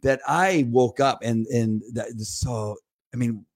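A middle-aged man co-hosting a casual chat podcast, talking in a rambling way with many restarts and repeated words, and getting animated when he quotes others. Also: medium pitch, takes it slowly, dry recording, clean studio sound. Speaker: podcast co-host.

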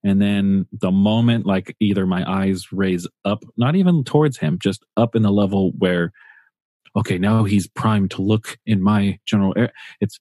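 A man with a low, dark, mellow voice banters in a dry, laid-back way. He fills his talk with "like" and "uh" as he goes. The sound is close and dry. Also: moderate pace, no room sound. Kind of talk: casual chat.

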